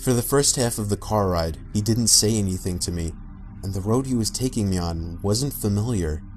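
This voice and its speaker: Low-voiced man narrating a horror story. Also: moderate pace, darkish tone. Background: faint background music.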